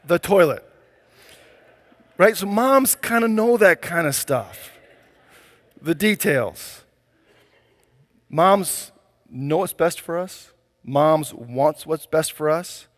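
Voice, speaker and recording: A pastor delivers his sermon in a relaxed, conversational way, with plenty of casual fillers. His voice sits a little high for a man. A long reverb hangs after each phrase. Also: slow pace, long pauses.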